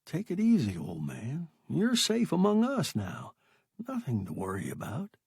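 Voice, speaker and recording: A man voicing a calm, brisk male rescuer from a spaceship, speaking soothingly. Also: on the high side, vocal fry, husky, dry recording, studio quality, voice pushed up, exaggerated voice.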